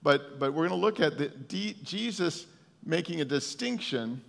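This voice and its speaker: Gravelly folksy preacher man, reverberant hall. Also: fairly high pitch, expressive, normal speed. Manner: folksy, emphatic, stumbles and repeats words. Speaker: pastor. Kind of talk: conversational sermon.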